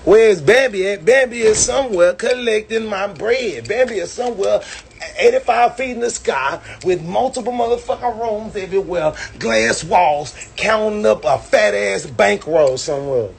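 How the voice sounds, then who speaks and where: A man's voice: high-pitched, expressive, normal speed, gravelly, a little hiss or hum. A man ranting and boasting in a brash, profane way on a phone livestream. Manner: brash, swaggering, preachy.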